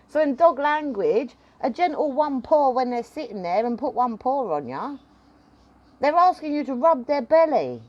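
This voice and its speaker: Woman, casual rambling vlogger, fairly high and lively voice. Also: a little slow, dull audio. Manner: chatty, rambling, acts out voices. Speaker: dog owner giving advice. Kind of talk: casual chat to camera.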